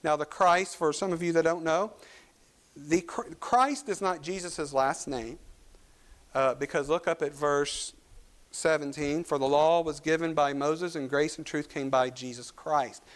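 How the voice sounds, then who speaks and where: A man with a Kentucky accent preaching a sermon as pastor, animated, with emphatic rises and some fillers. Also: on the high side, measured pace.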